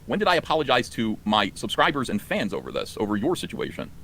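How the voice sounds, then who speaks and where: Fast, animated man ranting on stream. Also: vocal fry, a little hiss or hum. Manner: exasperated, ranting, rising pitch when indignant. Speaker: streamer reacting to clips. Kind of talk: heated live stream commentary.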